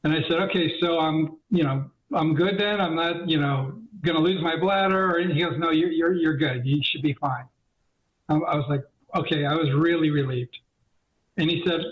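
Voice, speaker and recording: A man's voice: a little high, normal speed. A middle-aged man telling the story of his cancer diagnosis in an interview, acting out his talks with the doctor in quoted dialogue with many fillers. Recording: dull lo-fi audio.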